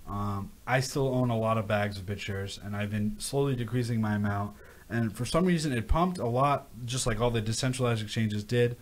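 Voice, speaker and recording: A man hosting a casual crypto livestream, reading viewer questions aloud and ranting, often repeating himself. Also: medium pitch. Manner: rambling, animated rants with repeated phrases.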